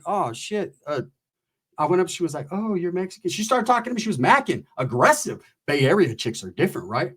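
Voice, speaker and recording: A man from California telling a profane story and acting out the people in it with animated voices. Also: high-pitched, a little fast, slightly rough. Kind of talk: storytelling stand-up.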